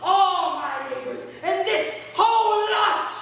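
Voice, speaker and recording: A woman playing a miserly old man in a stage comedy, accusing everyone in shrill, shouting outbursts. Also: lively intonation, slow pace, gravelly, full character voice. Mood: furious. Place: large theater stage, live audience. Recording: echoey hall, far from mic, audience.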